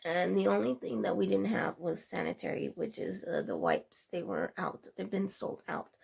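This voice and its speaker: A young woman tells a long, meandering story to her camera, acting out what everyone said along the way. Her voice is heavily gravelly, with a deep fry, and is very rough and husky. She keeps the delivery chatty and informal throughout. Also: normal speed, darkish tone. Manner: rambling, chatty retelling with quoted dialogue. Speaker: vlogger. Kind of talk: casual storytelling vlog.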